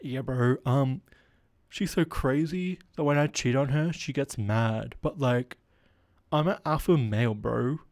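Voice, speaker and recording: A man voicing a loud, boastful, misogynistic young bro who talks in a brash, slangy way with a raised pitch. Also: a little slow, natural voice.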